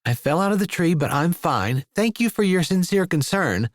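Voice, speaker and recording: Wry, teasing young woman, lifted pitch, voiced by a male narrator. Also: lively intonation, normal speed, no room sound, close to an everyday voice. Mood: dry. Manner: dry, teasing.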